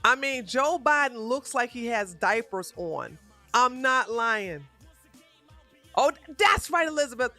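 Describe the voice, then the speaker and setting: A woman hosting a political commentary stream, ranting in a blunt and heavily profane way. Her voice sits fairly high and rings bright and forceful. Faint music plays underneath her talk. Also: big pitch swings, measured pace. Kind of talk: live-stream commentary rant.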